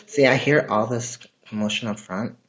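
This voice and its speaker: A man's voice: mid-range voice, moderate pace. A man chatting casually on a livestream from his home, rambling and swearing often. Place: at home, indoors.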